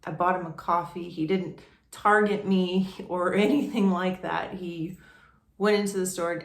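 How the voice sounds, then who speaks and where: A young adult woman vlogger telling a personal story in a casual, rambling way, with many restarts and fillers. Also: fairly low pitch. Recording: echoey room.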